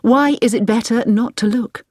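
A woman voices a puzzled young Englishwoman traveller, asking anxious questions. Her natural voice is a little high and a little mellow, pitched above her own voice, at a moderate pace. The recording is studio quality with no room sound.

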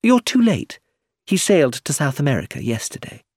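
A man's voice: fairly high pitch, huge pitch swings, fairly quick, a little mellow, no echo, studio quality, voice pushed up, full character voice. Man putting on a teasing girlish young woman. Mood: playful. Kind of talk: audiobook character voice.

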